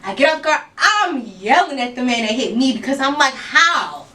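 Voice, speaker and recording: A woman telling an animated story in casual podcast chat, checking that everyone is following her. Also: sits high, fairly quick. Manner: vivid, checks that the listeners are following. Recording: noisy, from a distance off the mic.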